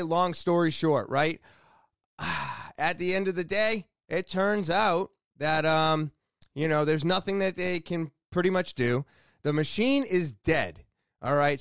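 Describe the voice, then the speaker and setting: A man's voice: high voice, gravelly, fairly bright tone, dry recording, clean studio sound. A man telling a rambling, exasperated story about a bad day at his shop, owning up to his own mistakes. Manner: exasperated, rambling, self-deprecating. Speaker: shop worker. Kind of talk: casual storytelling vlog.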